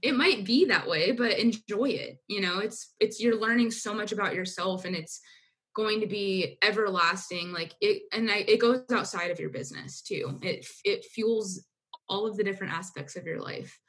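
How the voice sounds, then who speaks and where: A woman's voice: medium pitch, moderate pace, fairly bright tone. A young adult woman, a business coach, talking candidly in a casual podcast conversation, with lots of filler words. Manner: candid, uses filler "like" and mild swearing.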